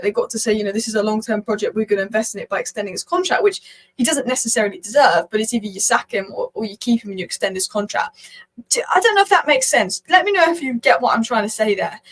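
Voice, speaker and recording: A woman hosting her own football channel, giving rapid, opinionated commentary and thinking aloud as she talks. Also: a little high, animated, poor audio. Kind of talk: casual talking-head commentary.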